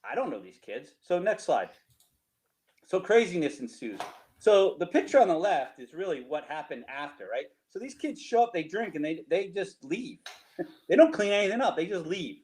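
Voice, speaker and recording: A man's voice: high voice, moderate pace, slight background noise, poor audio. Middle-aged jersey guy telling stories, bouncy voice that rises and falls a lot, keeps asking "right?". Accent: New Jersey. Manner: animated, laughing, repeats himself, rhetorical "right?". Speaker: storyteller guest. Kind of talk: casual storytelling over slides.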